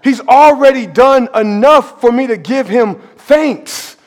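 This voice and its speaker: Pastor with a very high voice, animated sermon, shouts for emphasis. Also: male voice, moderate pace. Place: church sanctuary. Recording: long reverb of a large church hall.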